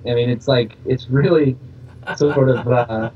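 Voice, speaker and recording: A man's voice: mid-range voice, fairly even intonation, a little slow. A laid-back man co-hosting a podcast, gushing in a loose way with plenty of filler words. His voice sounds dull and a bit distant, with a faint hiss behind it. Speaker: podcast co-host. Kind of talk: casual chat.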